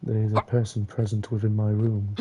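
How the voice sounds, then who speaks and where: A man's voice: on the low side, monotone, normal speed, mellow, husky. Man ranting angrily over a game. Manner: angry ranting, heavy swearing, muttered curses. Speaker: gamer playing a platform game. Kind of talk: live gameplay commentary.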